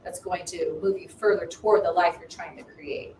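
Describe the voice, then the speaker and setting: A woman minister and business coach in casual spiritual chat, animated and acting out inner voices. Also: fairly low pitch, moderate pace. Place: home livestream. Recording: roomy, distant mic, faint noise.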